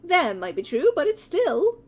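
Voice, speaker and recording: A woman's voice: extremely high pitch, huge pitch swings, unhurried, pitched above the performer's own voice, heavily acted. A woman voicing a bubbly, upbeat young magic woman. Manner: bubbly and bright. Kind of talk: fan voice acting of a game.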